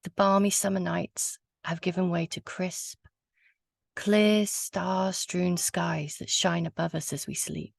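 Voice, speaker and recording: A woman storyteller on a video call, telling a folk tale slowly and softly, lingering on words. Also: lowish voice, fairly even intonation, vocal fry, no room sound, clean studio sound. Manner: soft, hushed, lingering on words. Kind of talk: slow atmospheric storytelling.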